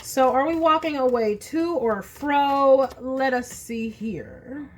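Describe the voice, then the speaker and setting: A woman's voice: sits high, slow pace. A woman reading tarot cards at home in a casual, chatty way, thinking aloud as she draws each card. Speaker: tarot reader.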